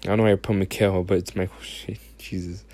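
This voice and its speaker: A man's voice: low-pitched, flat delivery, fast, mellow, husky, dry recording. A young man casually recapping a wrestling episode, rambling, swearing a lot and laughing often. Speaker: podcast host.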